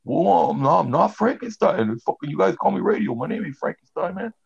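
A man putting on the voice of a big, gentle guy who keeps nervously insisting on his real nickname, pitched far above his own voice. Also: sing-song, fairly quick, vocal fry, breathy edge, no room sound, lo-fi sound, exaggerated voice. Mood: flustered. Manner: flustered, insistent.

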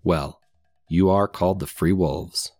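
A man voicing a calm, protective male panther who speaks in a gentle voice. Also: deep voice, a little slow, no room sound, clean studio sound, faint music behind.

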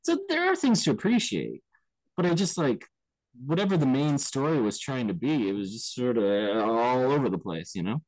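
A man co-hosting a podcast, talking casually about films in an animated way and often checking in with his listener. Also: mid-range voice, moderate pace, no echo, low-quality recording. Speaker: podcast co-host. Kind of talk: casual film discussion.

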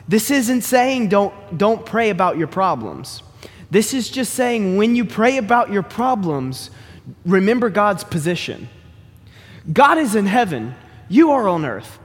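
A man preaching a sermon as pastor, in an animated, joking, conversational way. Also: sits high, unhurried, slightly rough, in a large hall.

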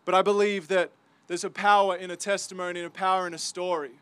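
A man with an Australian accent giving an earnest, halting personal testimony as a campus ministry speaker, his voice full of emotion. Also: high-pitched, flat delivery, a bit bright, smooth.

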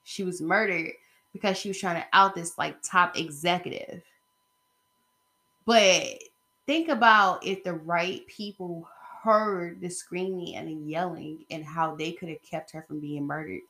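A woman's voice: lowish voice, measured pace, pushed and bright. A woman talking in a casual opinion vlog, rambling and emphatic as she speaks straight to her viewers. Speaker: vlogger.

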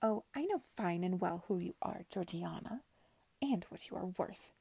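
A woman reading aloud and voicing a scheming, falsely motherly brothel keeper, loud and mock-patient. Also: lowish voice, expressive, moderate pace, gravelly, breathy edge, no echo, full character voice. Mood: mock-patient, sneering.

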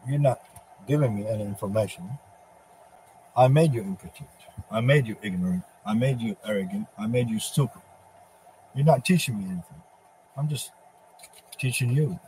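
A man with a middle-pitched voice delivers a ranting religious monologue, taunting and profane. He mocks his target, and a faint noise sits behind him. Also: lively intonation, moderate pace, pauses often, dark tone, rough recording. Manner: speaks in the first person as a divine figure addressing Satan. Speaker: religious preacher.

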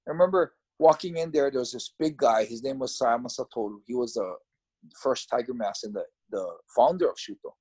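A man casually recounting how he started fighting, in a reflective, halting, conversational way. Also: mid-range voice, darkish tone, breathy edge. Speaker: former fighter recounting his career. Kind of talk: casual storytelling.

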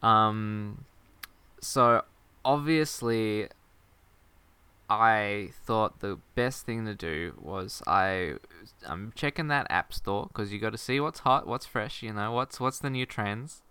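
A young man, a game developer, chatting casually on a podcast, relaxed and rambling, with restarts. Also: fairly low pitch, slow pace, clear, resonant tone, no echo.

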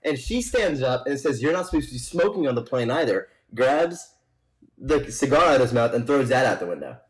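A man's voice: mid-range voice, expressive, fairly quick, rough recording. A young man co-hosting a podcast, casually telling a long rambling joke and laughing along with it. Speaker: podcast co-host.

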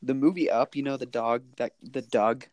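A man's voice: medium pitch, moderate pace, darkish tone, slight background noise. A young man hosting a podcast in casual chat, laid-back and agreeable, swearing often. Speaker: podcast host.

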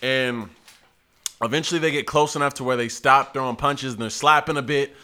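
A man's voice: mid-range voice, fairly quick, clear, resonant tone. A young man casually telling a funny story to friends, laughing and acting out the people in it. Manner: animated, laughing, acts out voices of people in the story. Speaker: podcast host telling a story.

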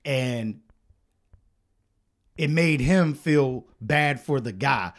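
A man co-hosting a podcast, telling a work story in casual, profane chat that turns loud and heated. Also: mid-range voice, drawn-out words, long pauses. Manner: animated, profane, gets loud and heated retelling arguments. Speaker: podcast co-host.

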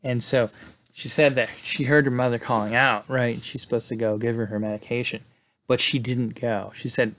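A man talks through a story in a relaxed, rambling recap. He strings events together with "and then" and leans on "you know" and "like". His voice sits at a middling pitch for a man. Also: normal speed, slight background noise. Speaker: film recap host. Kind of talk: casual plot recap.

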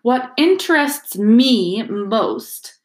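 A woman voicing a kindly old male wizard headmaster who speaks gently and calmly, in a roomy echoing recording. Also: a little high, normal speed, a little hiss or hum, close to an everyday voice. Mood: gentle. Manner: gentle, calm, softly twinkling. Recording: roomy echo.

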